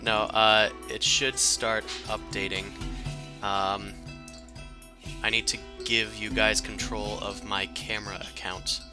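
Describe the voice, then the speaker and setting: A man's voice: on the low side, flat delivery, takes it slowly, music in the background. A man running a tabletop game as dungeon master, chatting casually over a voice call with an easygoing, hesitant manner. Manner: easygoing, hesitant with many fillers.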